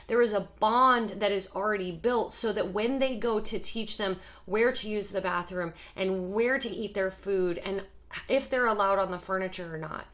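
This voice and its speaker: Bright-voiced woman teaching with emphasis. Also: medium pitch. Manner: lively, emphatic, with acted example voices. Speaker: parenting educator. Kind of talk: explanatory talk to camera.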